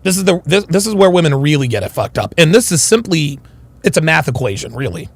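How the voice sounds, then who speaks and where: A man's voice: on the high side, big pitch swings, quick pace, breathy edge, no echo. A man hosting a reaction commentary, slangy and swearing, talking over a clip.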